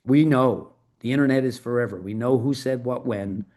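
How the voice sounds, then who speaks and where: A man's voice: medium pitch, moderate pace, a little mellow. A middle-aged man as an interview guest, talking in a fired-up, emphatic and profane way. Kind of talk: podcast interview.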